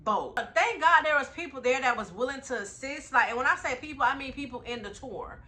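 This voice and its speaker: A young woman telling a casual travel vlog story in slangy, animated talk straight to her viewers. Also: high-pitched, fairly quick. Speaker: travel vlogger.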